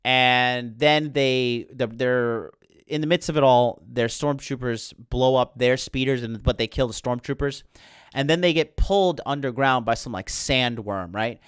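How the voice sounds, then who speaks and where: A man's voice: medium pitch, a little slow, fairly bright tone, clear, resonant tone, dry recording, clean studio sound. Profane ranting male podcast host. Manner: profane, heated, sarcastic. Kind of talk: ranting film commentary.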